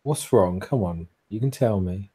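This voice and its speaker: A man's voice: on the low side, a little slow, warm tone, husky. A man voicing a retired female ex-fighter who is blunt, swears freely, and is protective. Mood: concerned. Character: blunt retired female ex-fighter, caring but foul-mouthed.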